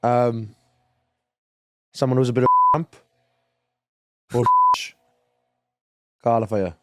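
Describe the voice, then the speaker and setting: A young man talks casually as a podcast co-host, rambling and often restarting his sentences. His voice sits in a middle pitch. The sound is dry and close, with no room echo. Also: huge pitch swings, extremely slow, sharp tone. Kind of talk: casual chat.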